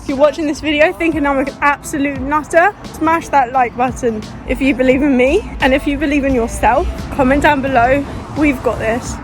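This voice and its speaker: A fitness vlogger with a high, steady voice talks fairly quickly into a phone she holds while running down a street, with music playing underneath. She is out of breath and dry-mouthed, and her casual vlog is rambling and earnest, with hardly any pauses and frequent restarts.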